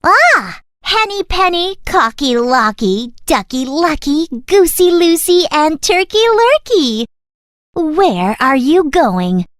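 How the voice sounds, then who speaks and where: A woman's voice: high voice, big pitch swings, slow, fairly bright tone, no echo, studio quality, voice pushed up, heavily acted. A woman voicing a sly, hungry fox in a children's story, sounding coaxing and drawn out. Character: sly hungry fox plotting to eat birds.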